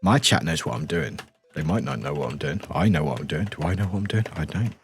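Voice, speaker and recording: A man's voice: very deep voice, expressive, quick pace. A man from the United Kingdom, a streamer, chatting casually with viewers, laughing often, swearing and reading chat aloud. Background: faint background music.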